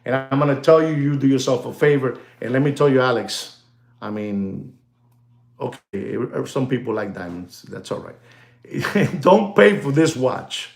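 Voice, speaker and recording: A man's voice: medium pitch, lively intonation, unhurried, vocal fry. Chatty man hyping watches in a roomy space. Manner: chatty, repeats phrases, many "you know"s, slips into Spanish slang; hypes and jokes with the audience, calls them "ladies and gentlemen". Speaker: watch dealer and market commentator. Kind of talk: casual rambling market talk to camera. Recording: roomy echo.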